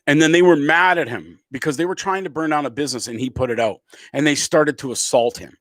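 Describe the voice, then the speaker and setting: Swearing freely, a Canadian comedian in middle age fires off a furious political rant to camera. His fairly high voice is fast, a bit bright, and emphatic, recorded with no room sound.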